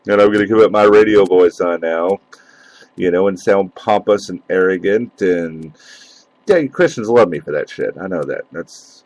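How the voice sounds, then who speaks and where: A lower-pitched man rants alone on his own podcast, cursing freely and mocking as he goes. He rambles, with lots of fillers and restarts. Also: moderate pace, darkish tone, dry recording, low-quality recording. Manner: profane, mocking, sarcastic; loose and rambling with many fillers. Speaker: podcast host. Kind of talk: casual solo podcast rant.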